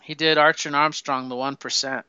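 A man talks comics in loose, profane banter, laughing easily and tripping over his words. His voice is bright and crisp, a little higher than most. The recording is dry and slightly dull, lo-fi. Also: little pitch movement, brisk, no room sound. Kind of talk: casual comic book chat.

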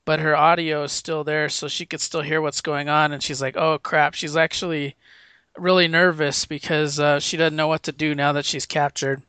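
A man's voice: a little high, level tone, moderate pace, pushed and bright, smooth, no echo. A man casually recapping a comic book issue, rambling with fillers and acting out quoted lines. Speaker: comic podcast co-host.

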